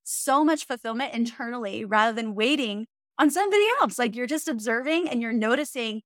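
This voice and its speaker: A woman in her thirties, a mindset coach and guest, speaking with upbeat encouragement in a casual interview. Her voice sits a little high. The recording is close and dry. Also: animated, fairly quick, no echo. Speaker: mindset coach and social media influencer; podcast guest.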